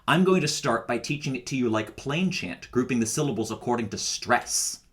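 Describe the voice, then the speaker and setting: A man's voice: medium pitch, animated, moderate pace, fairly bright tone. Patient man leading a choir rehearsal. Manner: patient, step-by-step explaining. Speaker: choir director. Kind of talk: recorded choir rehearsal instruction.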